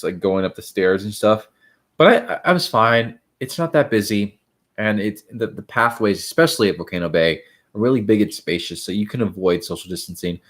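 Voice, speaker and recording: A man in his twenties from Miami, hosting a casual home livestream, rambling and chatting as he answers viewer questions. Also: on the low side. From Miami, Florida. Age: 20s. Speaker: host of a livestream.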